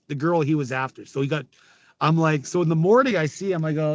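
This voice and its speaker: A middle-aged man with a fairly high voice spins rowdy locker-room stories as a podcast guest, laughing and cursing as he goes. The sound is dry and close, with no room around it. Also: fast talker, no room sound, muffled recording. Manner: animated, laughing, swearing storyteller. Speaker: former hockey player, podcast guest. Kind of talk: casual storytelling.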